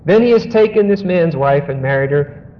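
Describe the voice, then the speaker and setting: A man's voice: on the high side, animated, moderate pace, a little hiss or hum. A man preaching a sermon, reading scripture aloud and breaking in with emphatic asides, his voice rising sharply on key points. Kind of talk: sermon, expository Bible teaching. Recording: dull lo-fi audio in a large echoing hall.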